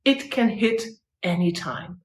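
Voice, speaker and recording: A woman's voice: mid-range voice, lively intonation, slow, roomy sound. A woman in her fifties working as a life coach, telling a personal story to camera in an earnest, heartfelt way. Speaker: life coach and motivational speaker.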